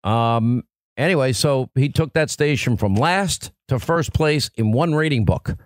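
A man hosting talk radio, reading ads and bantering with his co-host in a fast, jokey way. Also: medium pitch, dry recording. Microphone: studio microphone.

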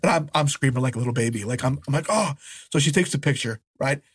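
A man co-hosting a podcast, telling a story in a lively, animated way, acting out voices and laughing as he goes. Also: mid-range voice, fast talker, husky. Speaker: podcast co-host. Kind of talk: casual storytelling chat.

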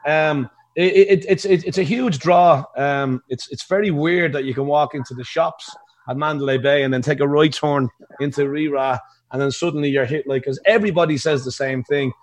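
Irish guy from a pub band, chatty and teasing, laughs a lot, kinda high voice. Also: normal speed. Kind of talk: casual podcast chat.

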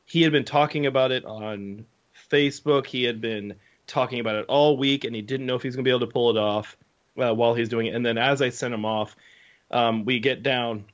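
A young man co-hosting a podcast, telling a story in a casual, animated way with lots of fillers. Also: medium pitch, a little fast. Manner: animated storyteller, many fillers and acted quotes. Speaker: podcast co-host. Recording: slightly dull lo-fi sound.

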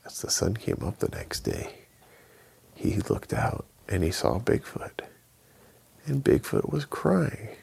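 A man narrating a children's bedtime story in an unhurried, storybook way. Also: fairly low pitch, wildly swooping pitch, gravelly, a little mellow, slightly rough.

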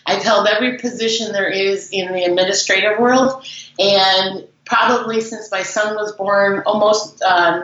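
A woman in her forties from the Chicago suburbs, chatting as an interview guest and telling stories with lots of fillers. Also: mid-range voice. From Chicago suburbs, USA. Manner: chatty, animated storyteller with fillers. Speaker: guest, business founder. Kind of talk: casual interview storytelling. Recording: very echoey, dull lo-fi remote audio.

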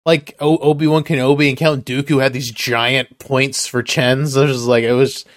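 A man hosting a podcast in casual chat, rambling and halting and chuckling often. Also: medium pitch, flat delivery, no room sound, clean studio sound. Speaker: podcast host.

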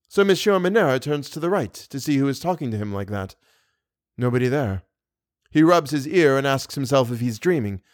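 A man's voice: medium pitch, no room sound, studio quality. Man reading a novel aloud. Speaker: audiobook reader. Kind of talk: audiobook narration.

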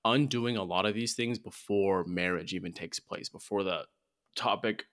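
A man co-hosting a podcast, eager and casual, with filler words running through his speech. His voice is a little low in pitch but has a bright, forceful edge. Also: normal speed. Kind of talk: conversational podcast discussion.

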